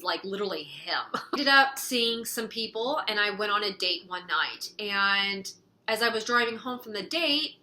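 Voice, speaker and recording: Here a young California vlogger speaks to camera in a mid-range voice with a sharp edge, retelling something personal. Now and then she turns tearful, and she acts out the words of her family members.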